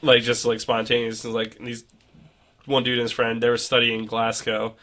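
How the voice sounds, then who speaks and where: Young guy rambling through a travel story on a podcast, bright tone, mid pitch. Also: flat delivery, normal speed. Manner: rambling storytelling with many fillers. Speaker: podcast co-host. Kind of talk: casual chat.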